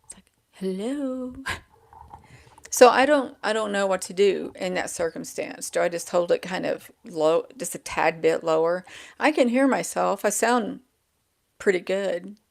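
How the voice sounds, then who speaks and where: A woman's fairly low, creaky voice comes through unhurried as she vlogs at home, talking casually to camera from a table with a laptop. Holding a small handheld microphone, she rambles, loses track of what she was saying and laughs at herself, sounding a bit crackly.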